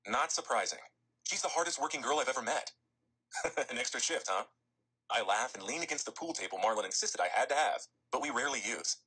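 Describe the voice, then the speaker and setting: A reserved young rock star speaks in a very low, husky voice, as a woman puts him on while reading aloud. His remarks are short and dry, with a sharp, forceful edge. He keeps everyone at arm's length. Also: lively intonation, brisk, exaggerated voice, poor audio. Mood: dry amused.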